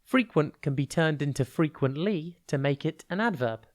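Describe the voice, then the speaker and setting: A tutor walks through a vocabulary lesson for a podcast. The delivery is clear and unhurried, spelling words out letter by letter and stretching the stressed syllables of key words. The voice sits at an ordinary middle pitch. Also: animated.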